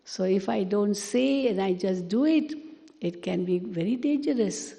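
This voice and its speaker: A woman giving a spiritual class, speaking gently and repeating words for emphasis. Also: mid-range voice, unhurried, gravelly. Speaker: spiritual teacher. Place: meditation hall. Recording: long hall reverb.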